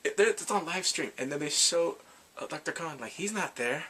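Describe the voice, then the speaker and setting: A man's voice: a little high, expressive, normal speed, bright, forceful tone, slight background noise. A grown man chatting casually as a YouTube reviewer, rambling and fanboyish about a show he loved. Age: adult.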